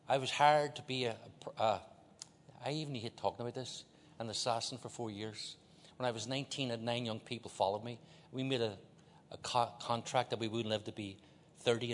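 An older man from Northern Ireland with a Belfast accent, preaching a sermon as a visiting preacher. He swings from loud exhortation to hushed confession, with joking asides. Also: medium pitch. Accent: Northern Irish, Belfast. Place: large church auditorium. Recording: long hall reverb in a big church.

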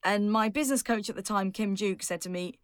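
Woman, speaking coach, podcast guest, lively and emphatic, laughs a lot, dry close sound. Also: mid-range voice, brisk, smooth, dry recording. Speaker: public speaking coach and author.

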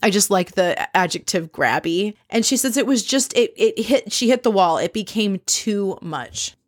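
A woman's voice: mid-range voice, lively intonation, normal speed, no room sound. Chatty woman recapping, dry close sound. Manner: chatty, opinionated, acts out quoted lines. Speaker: podcast host recapping a reality show. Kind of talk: casual recap commentary.

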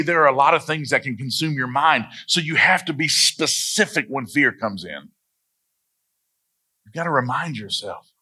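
A man's voice: medium pitch, pushed and bright, slightly rough. A man, preaching a sermon and telling stories as a pastor. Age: 40s. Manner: storytelling, acts out voices in anecdotes.

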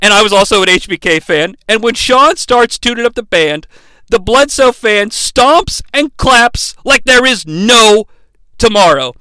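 A man's voice: high-pitched, lively intonation, measured pace, bright, forceful tone, smooth, no echo. A man hosting a podcast, recapping a wrestling match in a chatty, profane, enthusiastic way. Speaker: podcast host.

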